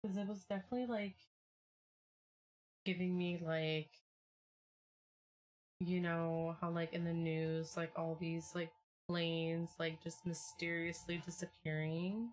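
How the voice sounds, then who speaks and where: A woman's voice: lowish voice, slow, long pauses. Rambly young woman streamer chatting. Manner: rambling, filler-heavy, excitable bursts. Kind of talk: casual chat with viewers.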